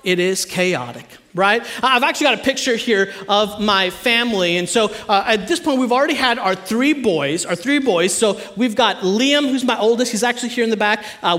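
A man in his thirties preaching a sermon in a church, telling animated, humorous family stories to the congregation. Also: high voice. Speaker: pastor. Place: church stage before a live audience.

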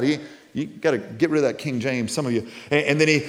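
Animated male pastor preaching. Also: mid-range voice, brisk, noisy background. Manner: animated, repeats words, rises to loud emphatic peaks. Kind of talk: sermon.

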